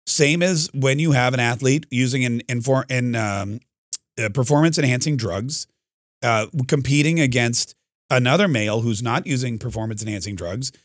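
A man's voice: medium pitch, no room sound, studio quality. A man hosting a talk radio show, giving an opinionated, combative monologue with frequent restarts. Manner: combative, restarts often, quick bursts.

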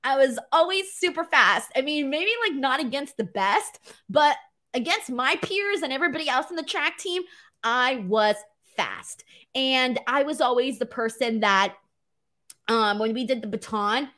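This is a casual Q&A storytelling clip from a young adult vlogger on the US West Coast. Her voice sits slightly high, and she stays animated and playful, laughing easily and doing impressions as she spins lively tales.

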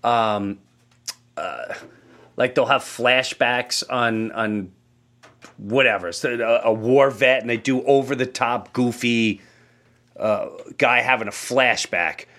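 A man hosting a podcast, telling a story in a casual, animated way and acting out the voices in it. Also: mid-range voice, slow. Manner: animated, acts out quoted voices. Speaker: podcast host.

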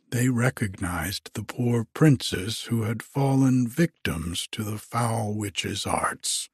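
Male storybook narrator, husky and very slow, dry close recording. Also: mid-range voice, dry recording. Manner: slow, measured phrasing in short pieces. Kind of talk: storybook reading.

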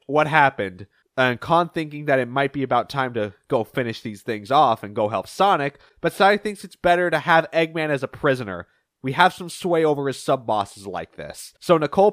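A young man hosting a podcast, recapping comic issues and acting out the characters' lines in quick shifting voices. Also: no echo, studio quality. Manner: animated, acts out characters' lines in shifting pitch. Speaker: podcast host.

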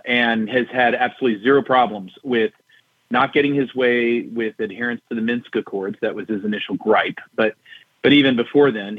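A middle-aged man, a retired general, speaking as a guest in a political talk show interview, in a measured, emphatic, plain-spoken manner. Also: mid-range voice, no echo. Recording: husky phone-line audio.

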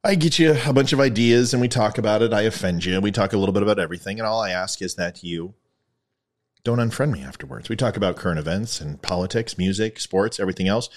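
A man hosting his own podcast, talking in a rambling, self-mocking, comedic way. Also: lowish voice. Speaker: podcast host. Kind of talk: casual comedic commentary.

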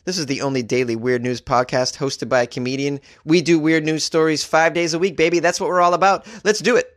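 A man's voice: fairly high pitch, fairly even intonation, fairly quick, a bit bright, no echo, clean studio sound. A man hosting a comedic news podcast, joking and laughing at his own gags as he reads out the stories.

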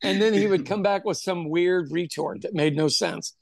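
A man who owns a pub, telling an animated story in casual chat, acting out what people said and swearing freely. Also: high voice, moderate pace, gravelly, no room sound, clean studio sound. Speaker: podcast host telling a story; pub owner.

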